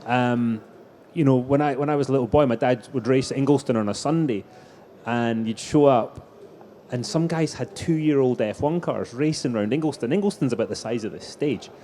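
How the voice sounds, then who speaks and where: A man's voice: medium pitch, moderate pace, few pauses, warm tone. A middle-aged man telling anecdotes as a guest in a live stage interview. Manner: anecdotal storytelling, frequent restarts. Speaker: racing driver guest.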